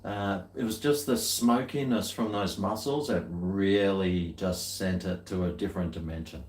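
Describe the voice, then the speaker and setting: A man's voice: sits low, a little slow, a little mellow. A man chatting casually to camera in a rambling, laid-back way with chuckling asides. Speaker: vlogger. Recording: echoey room.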